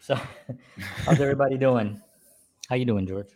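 A middle-aged man with a mid-range, darkish voice hosts a casual talk show from his home, speaking at a moderate pace. He rambles, full of fillers and restarts, like a podcast host just chatting.

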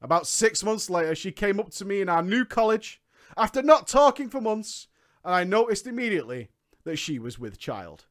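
A man's voice: sits high, big pitch swings, moderate pace. A man reading a story aloud and breaking into mocking asides, laughing often as he comments.

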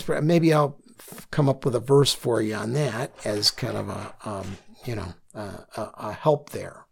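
Slow, gravelly Bible study teacher. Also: male voice, on the high side. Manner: instructive, often checks in with "okay?"; has listeners underline and circle words.

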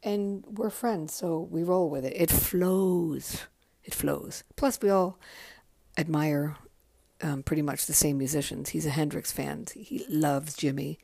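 A woman's voice: low-pitched, fairly even intonation, a little slow, gravelly, dark tone, no room sound. A tired middle-aged woman hosting her own podcast, talking candidly and rambling, with plenty of swearing and ums. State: tired, yawning. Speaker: podcast host. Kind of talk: casual solo podcast chat.

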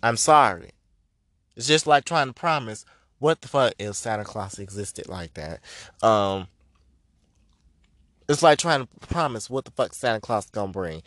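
A man's voice: lowish voice, lively intonation, measured pace, pauses often, fairly bright tone, dry recording, studio quality. A man hosting a podcast as a spiritual reader, delivering a blunt, profane, emphatic rant. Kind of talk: ranting podcast monologue.

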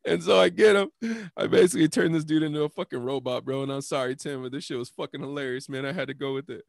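A man's voice: fairly high pitch, quick pace, creaky, no room sound, clean studio sound. Laid-back slangy young man telling a story. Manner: laid-back slangy storyteller, laughs often, acts out both sides of the exchange. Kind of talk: casual storytelling chat.

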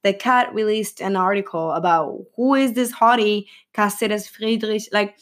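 Woman chatting about a movie she saw, rambly and gushy, normal pitch. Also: a little slow. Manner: chatty, rambling, gushing asides. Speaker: film reviewer. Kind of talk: casual movie review chat.

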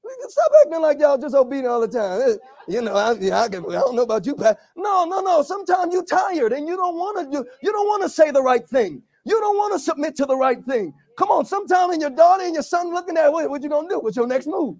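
Male pastor, high voice, energetic call-and-response sermon delivery. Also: fast talker. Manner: call-and-response preaching, rising to shouts.

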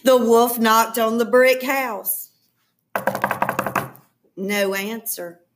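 A woman reading a children's story aloud in an expressive, playful storytelling manner. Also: fairly high pitch, extremely slow, music in the background.

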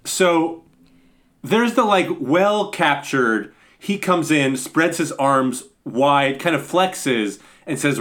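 A man co-hosting a podcast, recapping a movie scene in a dry, deadpan way with many hesitant fillers. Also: on the high side, slow. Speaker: podcast co-host.

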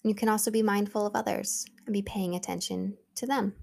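A woman's voice: mid-range voice, steady tone, brisk, creaky, darkish tone. A woman in her thirties hosting a solo podcast, talking earnestly and conversationally as she coaches her listeners. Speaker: podcast host. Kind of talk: solo podcast talk, motivational.

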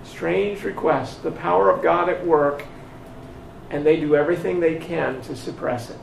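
A man preaching a sermon, retelling a scripture story slowly and emphatically, acting out the exchanges between its characters. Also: fairly high pitch, vocal fry, recorded from a distance, a little hiss or hum. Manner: slow, emphatic storytelling with voiced dialogue. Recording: echoey room picked up from afar.

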